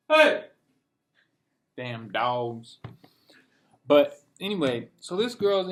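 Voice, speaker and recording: A young male vlogger with a fairly high voice rambles through a casual monologue at home with dogs nearby. He says "bro" constantly and quotes himself and others in little voices.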